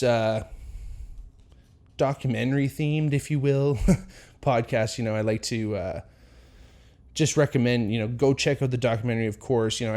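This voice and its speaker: A man's voice: mid-range voice, a little mellow. A man hosting a casual solo podcast, retelling a story in a rambling way with lots of fillers and acted-out quotes. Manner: rambling, many fillers, acts out quotes with chuckles. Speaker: podcast host.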